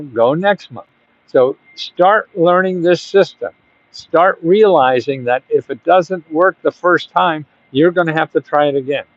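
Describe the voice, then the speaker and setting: A man with a slightly high voice talks casually to the camera as host, giving advice about grants, and there is no room sound. He rambles chattily, with bursts of emphatic urging, on audio that is dull, dry and lo-fi.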